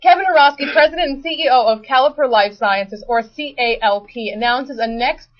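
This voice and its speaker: A fairly high-voiced woman co-hosting a stock market show, joking with her partner between news items. She reads company announcements with playful asides and trips over the technical words. The recording sounds dull and lo-fi. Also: brisk. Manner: playful, teasing, stumbles over technical terms. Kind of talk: casual banter, reading company news.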